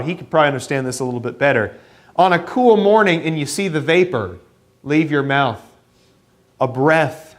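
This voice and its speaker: Man, young adult, church sermon, earnest and emphatic, high-pitched, very lively intonation. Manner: earnest, rising to emphatic, with self-deprecating asides. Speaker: preacher.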